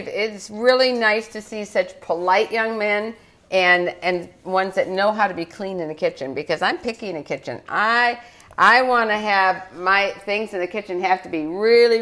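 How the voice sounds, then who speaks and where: A woman's voice: mid-range voice, normal speed, bright, forceful tone. An older woman hosting a live children's cooking show, chatty and encouraging, laughing often.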